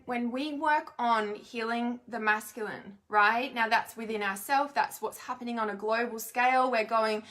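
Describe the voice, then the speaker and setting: Woman, young adult, slightly high voice, bright and forceful tone, rambling spiritual healing talk, keeps checking in with listeners. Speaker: intuitive energy healer. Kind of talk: live-streamed spiritual talk.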